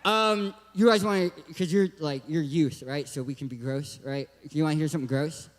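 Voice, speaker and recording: A young man from Southern California gives a joking, hyper youth talk at a church. His voice is high and his speech has a cartoon-like lisp. A long hall echo trails his words. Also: normal speed, a little hiss or hum. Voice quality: lisping, cartoon-like voice. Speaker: guest speaker.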